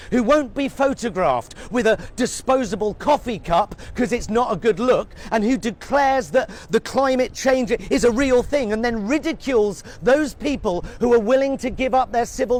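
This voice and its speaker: A middle-aged British man ranting sarcastically as a satirical news reporter, swearing freely and sounding exasperated, outdoors at a street protest. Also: extremely high pitch. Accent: British English. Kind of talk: scripted satirical rant to camera.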